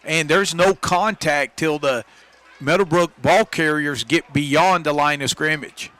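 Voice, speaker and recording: A man giving color commentary on a high school football game, analyzing plays and agreeing with his partner. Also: measured pace, pushed and bright, clean tone. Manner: analytical, agreeing with the play caller.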